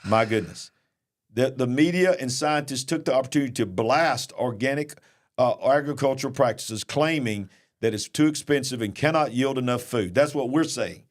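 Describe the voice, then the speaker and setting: A man with a mid-range voice, a preacher who hosts a news commentary show, reads headlines at a moderate pace. He's animated, following each item with emphatic commentary.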